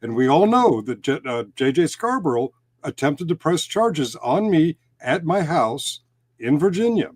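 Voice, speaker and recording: A man's voice: a little high, sing-song, unhurried, no echo. Mocking man on an online panel. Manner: mocking and goading, sing-song taunts. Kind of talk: heated online argument.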